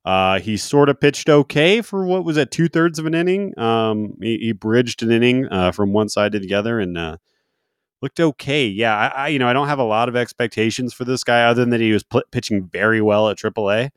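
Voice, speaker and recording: A man's voice: medium pitch, fairly quick, clean tone, dry recording, clean studio sound. A man co-hosting a sports podcast, talking in a rambling way with many fillers and restarts. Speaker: podcast co-host. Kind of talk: casual sports chat.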